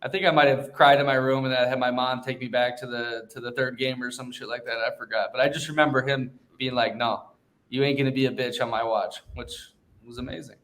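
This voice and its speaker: A young adult man hosting a podcast, telling stories in a blunt, profane, animated way during casual chat. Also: medium pitch, quick pace, few pauses. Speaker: podcast host.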